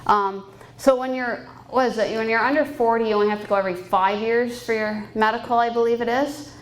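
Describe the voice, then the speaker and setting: A Canadian private pilot in her thirties, the guest speaker at a fundraising banquet, gives a candid, upbeat personal talk and laughs often. Her voice is fairly high with fairly even intonation and a fairly quick pace. The audio is poor.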